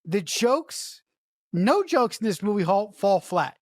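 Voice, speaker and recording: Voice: medium pitch, very animated, slow, no room sound, studio quality. A podcast co-host enthusiastically praising a film, emphatic, swearing, with frequent restarts. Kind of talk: casual film review chat.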